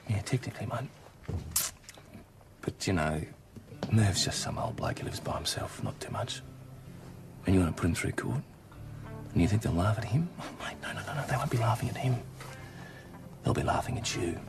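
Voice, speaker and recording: An actor playing a dry, sardonic Australian country police constable. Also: male voice, low voice, expressive, normal speed, creaky, long pauses, music in the background. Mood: menacing. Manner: dry, sardonic, quietly threatening.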